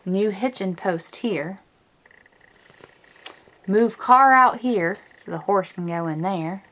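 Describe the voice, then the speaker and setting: A woman with a mid-range, slightly bright voice reads a picture book aloud slowly, voicing a horse-crazy little cowgirl. She puts on an American Western twang and drawls eagerly in a folksy storybook style.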